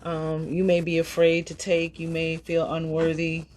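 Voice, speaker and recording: A woman giving a casual, upbeat tarot reading, chatty and quick to laugh. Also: deep voice, monotone, darkish tone, low-quality recording. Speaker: tarot reader.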